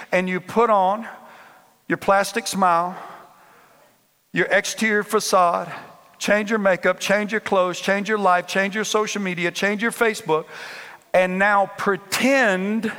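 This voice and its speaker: Emphatic man preacher with a high, bright voice; a church hall rings behind him. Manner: emphatic, repetitive call-and-response preaching. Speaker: pastor. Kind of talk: preaching a sermon. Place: church sanctuary. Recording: long hall reverb.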